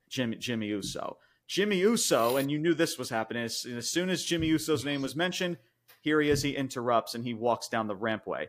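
A male podcast co-host recaps a wrestling show in casual chat, excited and swearing freely with lots of fillers. He speaks at medium pitch and normal speed.

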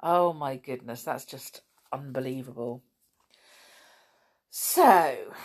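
Woman, kids' podcast host, lively swooping pitch, lowish voice, playful and exclamatory. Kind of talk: chatty presenting to children.

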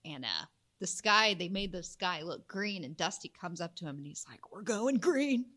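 A woman co-hosting a casual chat about weather myths, telling stories in an animated, giggly way. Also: on the low side, moderate pace.

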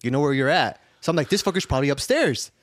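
Man, casual storyteller, profane, laughing, slightly high voice, dry close sound. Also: animated, fast talker, no room sound. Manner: profane, laughing storyteller who acts out his own lines. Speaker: podcast co-host.

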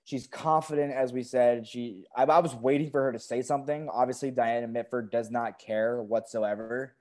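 Man, podcast co-host, casual recap chat, enthusiastic, warm mellow voice. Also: mid-range voice. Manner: enthusiastic, relaxed, quick to praise.

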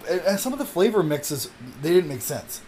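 A man's voice: high-pitched, sing-song, moderate pace, mellow, slight background noise. A man co-hosting a podcast, chatting casually, often laughing and swearing as he tells a story. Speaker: podcast co-host. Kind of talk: casual chat.

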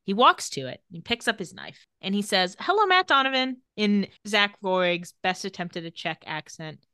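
A woman's voice: lowish voice, moderate pace, no echo, studio quality. A young adult woman co-hosting a podcast, recapping a TV episode in casual chat and acting out the characters' lines as she goes. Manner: animated, acts out characters' lines while recapping. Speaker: podcast co-host.

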